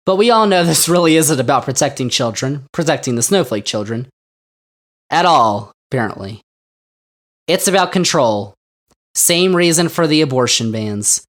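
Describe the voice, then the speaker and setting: A man's voice: fairly high pitch, animated, normal speed. A man hosting a podcast who comments on the news in a casual, sarcastic way, with mocking asides. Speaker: podcast host.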